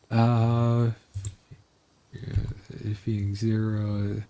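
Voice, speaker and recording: A man's voice: lowish voice, fairly even intonation, slow pace, long pauses, warm tone. A man streaming live gameplay, chatting to his viewers and scolding the animals in the game, laughing and exasperated.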